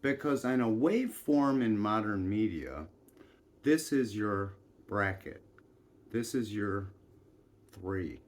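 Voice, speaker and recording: A man's voice: fairly low pitch, expressive, slow, long pauses. A man telling a meandering personal story in a folksy style, with asides and chuckles.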